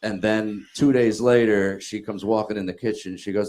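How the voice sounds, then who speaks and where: A man with a fairly low voice tells a rambling story on a comedy talk show. He sounds exasperated and swears freely as he goes. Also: fairly even intonation, normal speed, darkish tone, a little hiss or hum. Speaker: guest storyteller.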